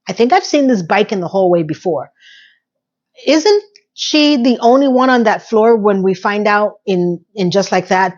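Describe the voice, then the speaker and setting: A woman's voice: mid-range voice, a little mellow, highs cut off. A woman casually recapping a TV episode, chatty and sassy, acting out the characters' quotes. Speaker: recap host.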